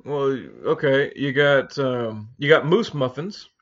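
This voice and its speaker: A man chatting casually as a podcast co-host, rambling and swearing, halting often to search for words. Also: mid-range voice, lo-fi sound. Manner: rambling, profane, halting with many fillers. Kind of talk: casual chat.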